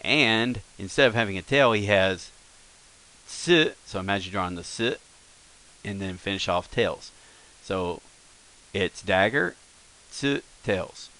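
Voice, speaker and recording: A man with a lowish, bright and forceful voice talks through a screen-recorded language lesson. His delivery is relaxed and unscripted, full of fillers and quick self-corrections. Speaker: language teacher.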